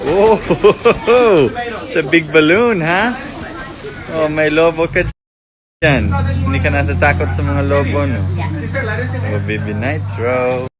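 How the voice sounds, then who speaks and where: Playful sing-song woman doing baby talk. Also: low-pitched. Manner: sing-song, playful, switches between English and Filipino. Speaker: parent filming her baby. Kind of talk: baby talk in home videos. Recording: noisy home video.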